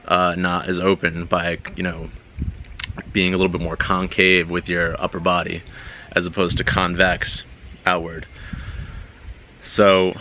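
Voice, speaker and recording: A man's voice: deep voice, pushed and bright. A man talking casually to his camera in a loose, rambling way with lots of fillers and restarts. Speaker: vlogger. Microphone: own camera.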